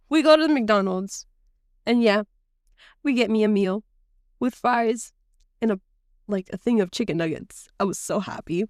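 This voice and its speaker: With a darkish mid-range voice, moderate pace and long pauses, an American woman co-hosting a laid-back podcast shares emotional stories, laughing a lot and imitating voices. The audio is studio quality without echo.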